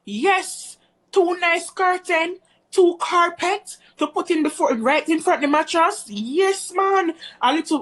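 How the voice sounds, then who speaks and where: A woman telling a rambling, chatty story to her viewers in a casual storytime vlog. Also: sits high. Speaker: vlogger.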